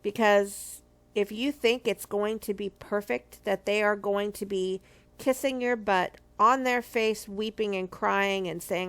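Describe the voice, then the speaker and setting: A woman's voice: medium pitch, fairly even intonation, unhurried. A middle-aged woman from a marriage ministry, giving an earnest, emphatic testimony and repeating key phrases for weight. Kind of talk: personal testimony teaching.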